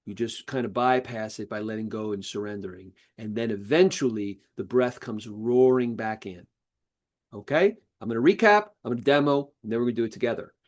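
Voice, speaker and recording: A man teaching a live breathwork class, talking listeners through each breath with calm, repeated cues. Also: medium pitch. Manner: calm, repetitive guiding cues. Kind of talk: guided breathwork instruction.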